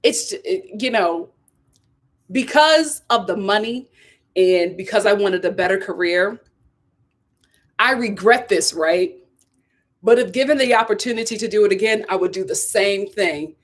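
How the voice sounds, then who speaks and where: This vlog host and actress speaks in a mid-range voice, unhurried and with long pauses. She chats casually and emphatically, sharing opinions as she tells a story and performs the voices of other people.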